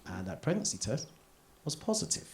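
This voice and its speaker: A British man in his thirties doing live stand-up, chatty and confessional, building up to loud punchlines. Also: lowish voice, very animated, brisk, heavy background noise. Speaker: stand-up comedian. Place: theatre stage.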